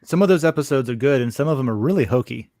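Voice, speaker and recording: Co-host, man from Florida, mid pitch, hesitant storyteller, dry close sound. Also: animated, rapid-fire, dark tone, dry recording. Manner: rambling storyteller, hesitant with many uhs and restarts. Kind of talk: casual chat.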